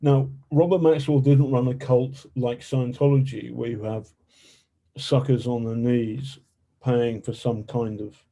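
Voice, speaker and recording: A man guesting as a journalist on a podcast, talking in a halting way with many fillers and restarts. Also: medium pitch, level tone, warm tone. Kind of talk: podcast interview.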